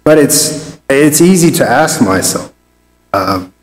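A man's voice: mid-range voice, expressive, slow pace. Man preaching in a reverberant hall. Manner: conversational, restarts phrases, reads scripture aloud. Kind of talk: Bible study sermon. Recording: roomy with long reverb.

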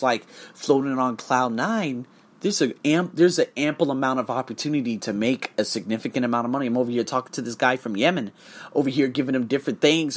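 An English test coach with a mid-range voice talks in a casual vlog monologue, telling his story in a profane, emphatic way.

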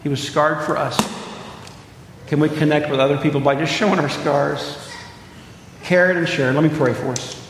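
A man preaching a sermon, telling a story in short dramatic bursts and rising to a fervent high pitch as he prays. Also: fairly even intonation, normal speed, long pauses, very echoey, big-room sound, a little hiss or hum. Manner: dramatic storyteller, drops quiet for tense moments, lifts to fervent high pitch. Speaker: pastor. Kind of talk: sermon with storytelling and closing prayer.

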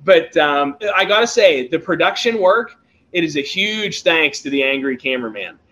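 A man who hosts a toy-hunting show, chatting casually and telling excitable, animated stories with laughs. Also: fairly high pitch, normal speed, slight background noise. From Pennsylvania, USA. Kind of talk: casual chat.

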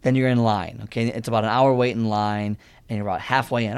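A man's voice: mid-range voice, fast, a little mellow, smooth. A man giving a motivational talk on fitness, speaking in an earnest, conversational storytelling way.

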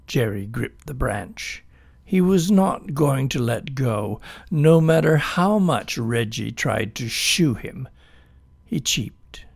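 Slow expressive man reading a children's story. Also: medium pitch, creaky, slightly rough.

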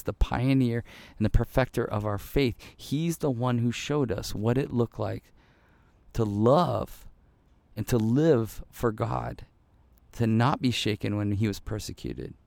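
An earnest man preaching a devotional sermon at a medium pitch. He repeats phrases for emphasis and drops to a hushed voice when he quotes a prayer. The sound is dry and close, with no room echo. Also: unhurried, vocal fry. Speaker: pastor.

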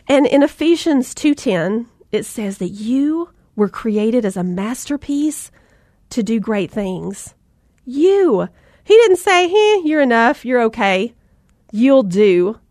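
A woman in her thirties with a Southern accent, telling a lively family story and turning it into faith encouragement for listeners. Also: on the high side, dry recording, clean studio sound. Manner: animated storyteller, acts out voices, talks to audience directly. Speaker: mom and motivational speaker.

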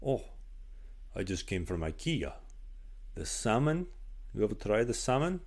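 A man's voice: on the low side, very animated, unhurried, darkish tone, heavily acted. A man putting on the voice of a stern, unsmiling Slovakian hockey coach with a thick Eastern European accent and terse, broken English. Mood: enthusiastic. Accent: thick Eastern European, put on.

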